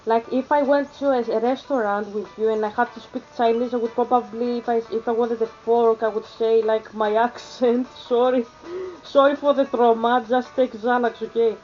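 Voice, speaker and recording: A woman's voice: on the high side, steady tone, dull audio, soft background music. Greek woman rambling in a vlog. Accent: Athenian Greek. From Greece. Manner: halting, many fillers and restarts. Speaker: vlogger. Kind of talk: rambling casual vlog chat.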